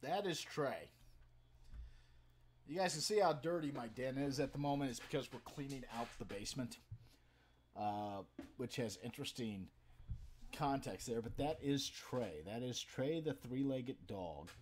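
A man telling stories to a live stream from his home den, profane and animated, swinging from loud outbursts to low mutters. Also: unhurried, pauses often, a little hiss or hum. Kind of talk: casual storytelling to a live chat. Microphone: webcam setup.

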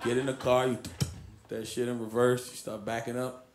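A man's voice: medium pitch, flat delivery, normal speed, over loud music. A man performing a stand-up comedy routine, telling a profane story and acting out the voices of the people in it. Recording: live club recording with audience noise. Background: audience laughter.

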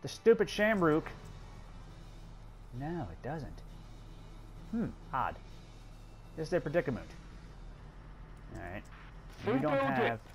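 A man's voice: a little high, huge pitch swings, slow pace, long pauses, soft background music. Man swearing through a war game. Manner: exasperated, swearing, talking to game characters. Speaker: gameplay commentator. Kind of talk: let's play commentary.

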